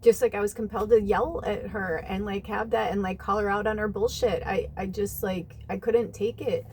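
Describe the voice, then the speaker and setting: A woman's voice: medium pitch, steady tone, normal speed, a little mellow, slight background noise. A woman, a spiritual medium, talking casually and rambling with lots of fillers and some swearing while giving advice to her viewers. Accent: American. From United States.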